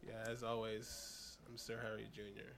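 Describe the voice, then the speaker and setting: A man's voice: lowish voice, monotone, normal speed, vocal fry, crowd noise. A man hosting a podcast in casual chat, teasing and bantering with his co-hosts. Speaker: podcast host.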